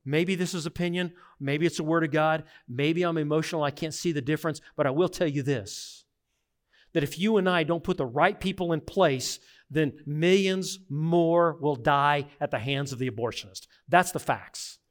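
Middle-aged guy preaching a sermon, kinda high voice, earnest, gets quiet then loud and pushy. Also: moderate pace. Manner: earnest, emphatic, swings from hushed to forceful. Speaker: pastor.

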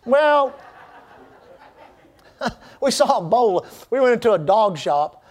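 High-voiced preacher, fervent and rousing. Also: male voice, sing-song, a little slow, pauses often. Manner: fervent preaching with call-and-response asides. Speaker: pastor. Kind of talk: sermon.

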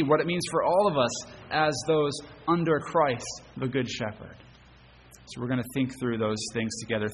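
A man's voice: medium pitch, a little hiss or hum. Man, pastor, sermon, earnest, rhetorical questions, repeats words, church reverb. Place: church sanctuary.

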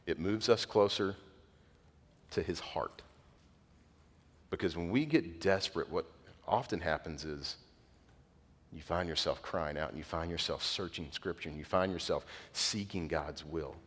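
A middle-aged man preaches a sermon in a chatty, storytelling way, his voice sitting fairly low. The sound rings out with the long reverb of a large hall. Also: a little slow, pauses often, slightly rough. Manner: conversational, animated storytelling with laughs. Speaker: pastor.

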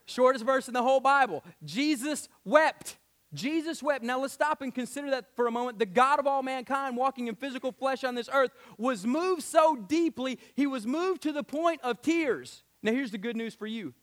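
A man preaching a sermon as pastor, swinging between hushed and loud delivery and laughing often as he speaks. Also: very high voice, brisk, few pauses.

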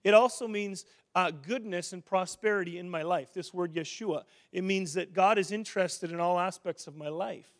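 A middle-aged man preaching a sermon in an animated, conversational way, often restarting his sentences. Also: sits high, moderate pace, few pauses.

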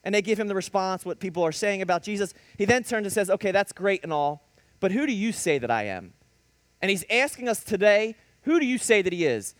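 Animated high-pitched male preacher. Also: brisk, no echo. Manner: animated preaching with storytelling and sudden emphatic rises. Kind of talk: sermon.

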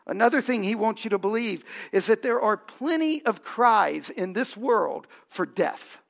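Slow, lively, gravelly preacher. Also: mid-range voice. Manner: asks the congregation questions, builds to emphatic points. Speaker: pastor. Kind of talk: sermon.

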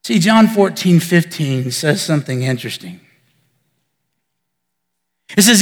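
A man pastor preaching a sermon, building emphasis and then falling to soft near-whispers. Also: a little high, expressive, measured pace, pauses often, long reverb tail. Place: church sanctuary.

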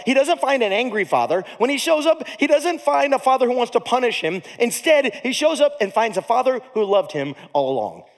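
A preacher spins a tale in a storytelling sermon, using a high, highly animated voice that jumps up and sinks down. The comic delivery swings between loud and soft, echoing at length through a big hall.

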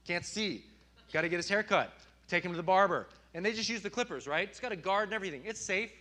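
A man in his thirties preaching a sermon, animated and telling stories with sudden loud outbursts. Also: sits high, fast. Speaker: pastor.

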